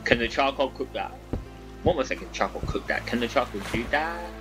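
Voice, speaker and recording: A man talking to himself through a survival game, excitable and prone to swearing, with game music behind him. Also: mid-range voice, fairly quick. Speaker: gaming YouTuber. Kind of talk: let's-play commentary.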